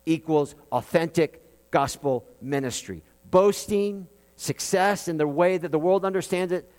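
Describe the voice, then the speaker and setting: A fairly high-voiced man delivers an expressive sermon, climbing for emphasis and sinking low and soft for weight, with dry humorous asides. His voice carries a long reverb, as if he is in a large hall. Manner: expressive preaching, rising and dropping for emphasis, wry asides. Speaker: pastor.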